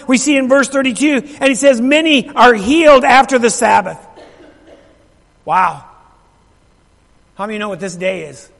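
A man preaching a sermon to a congregation, swinging between loud emphatic passages and hushed near-whispers, asking the crowd questions and repeating his phrases. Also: extremely high pitch. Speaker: pastor. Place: church sanctuary. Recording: reverberant church hall.

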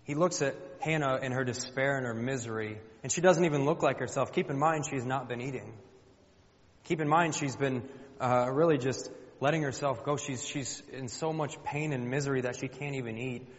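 A man's voice: medium pitch, moderate pace. A man preaching a sermon in a conversational way, often putting questions to his congregation. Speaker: pastor. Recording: dull sound with long hall reverb.

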